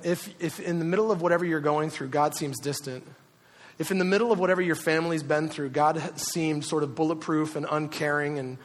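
A man preaching a sermon in a relaxed, conversational way, swinging between loud animated bursts and quiet, hushed moments. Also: high-pitched, big-room sound. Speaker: pastor.

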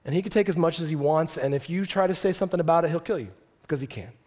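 A male pastor preaching a sermon, telling the story lively with joking asides to the congregation. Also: on the high side, very fast.

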